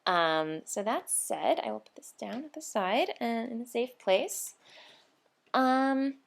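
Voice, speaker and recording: A woman's voice: a little high, takes it slowly, vocal fry. A tired woman hosting a knitting vlog, chatting casually and scatterbrained, with fillers and little laughs. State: tired, short on sleep. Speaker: knitting podcast host.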